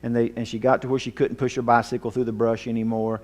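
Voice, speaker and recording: A man telling a personal story in a sermon, earnest and emotional, his voice dropping low at the tense moments. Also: flat delivery, fast, a little mellow. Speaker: Bible teacher.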